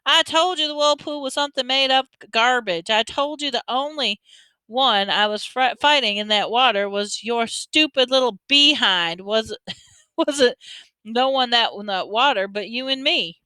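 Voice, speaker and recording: Woman doing a bossy slangy teen brother, bright and crisp, dry close sound. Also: on the high side, a little slow, dry recording, voice pushed up. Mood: scolding. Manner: slangy, scolding, street talk. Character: tough teenage boy, older brother, blunt and bossy.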